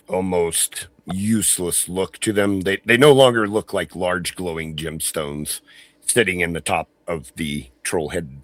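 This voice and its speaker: A man's voice: sits low, fairly bright tone, no room sound. A man narrating a tabletop game as game master in a descriptive style, with frequent fillers.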